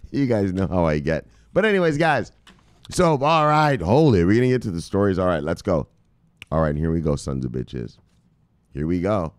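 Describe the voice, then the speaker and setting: A man's voice: low voice, sing-song, normal speed, pauses often, no room sound. Rambling, profane male crypto show host. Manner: rambling, profane, jokey, addresses viewers as brothers. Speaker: crypto news video host. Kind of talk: casual profane commentary.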